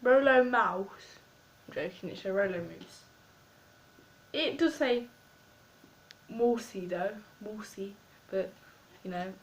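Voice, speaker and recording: A woman's voice: mid-range voice, lively intonation, slow pace, long pauses, darkish tone, slight background noise, rough recording. A woman with an English accent, chatting in a rambling, self-mocking way as she vlogs. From England. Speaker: vlogger. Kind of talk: casual food-tasting vlog.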